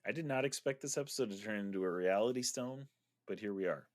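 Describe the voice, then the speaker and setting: A man's voice: lowish voice, fast, no room sound. A man hosting a casual podcast chat, upbeat as he wraps up with sign-off plugs. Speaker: podcast host.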